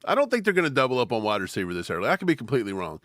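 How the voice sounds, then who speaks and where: Very fast and animated, this male co-host of a live football draft reaction stream chats casually and breaks into silly impressions of people. His medium-pitched voice comes through clean studio sound with no room echo.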